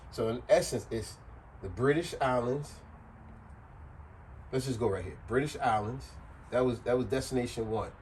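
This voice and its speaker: A man's voice: medium pitch, a little hiss or hum, rough recording. A man giving a casual, joking explanation to the camera, repeating his points often. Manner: repetitive, animated, joking. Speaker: vlogger.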